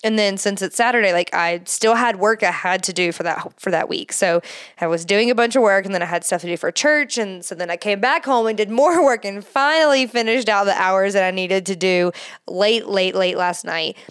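Smooth-voiced woman telling a rambling story. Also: medium pitch, normal speed, a bit bright. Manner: laughs while she talks. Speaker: podcast host. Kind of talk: casual chat.

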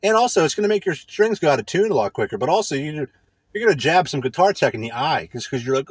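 A man hosting a podcast rants in a casual, profane monologue, mocking people he dislikes. His voice is husky and his pitch swings widely. The sound is dry and close. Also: big pitch swings, quick pace, no echo. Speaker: podcast host.

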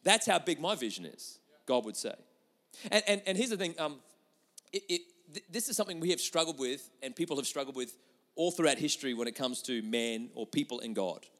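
A man preaching a sermon with lots of energy, moving between loud emphatic lines and quiet, intimate asides. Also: on the high side, lively intonation, a little fast. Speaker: pastor. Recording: long hall reverb.

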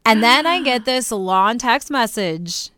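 Young woman co-host, bright and clear, lively storyteller, dry close sound. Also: on the high side, takes it slowly, dry recording. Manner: animated storytelling with laughter; faith-based encouragement to listeners. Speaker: podcast co-host. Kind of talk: casual chat.

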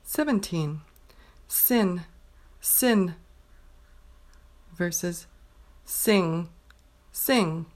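A woman teaching pronunciation, slowly reading a numbered word list and saying each word twice with careful clarity. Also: fairly low pitch, animated, darkish tone. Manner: says each word twice, clearly and deliberately. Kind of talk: slow dictation of a word list.

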